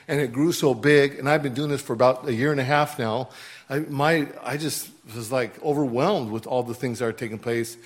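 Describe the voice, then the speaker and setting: A middle-aged man giving a heartfelt missionary testimony, halting and stumbling over his words. His voice sits at a medium pitch for a man. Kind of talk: testimony in church.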